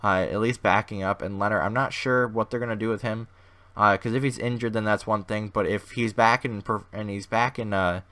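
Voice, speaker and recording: A man with a hoarse, fading voice giving casual, rambling commentary over a video game as host of his gaming channel. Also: on the low side, steady tone, brisk, fairly bright tone. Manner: rambling, thinks aloud with many restarts.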